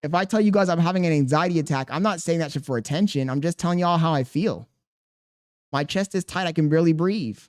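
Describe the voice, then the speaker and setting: A man's voice: fairly high pitch, fast talker. A young man livestreaming, talking casually and defensively to his chat, rambling and firing questions back at them.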